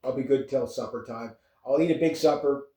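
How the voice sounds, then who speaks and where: A man's voice: medium pitch, brisk, mellow. A Canadian man in his fifties with a laid-back, rambling way of talking, chuckling often as he chats casually to camera. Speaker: vlogger. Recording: echoey room, far from the mic.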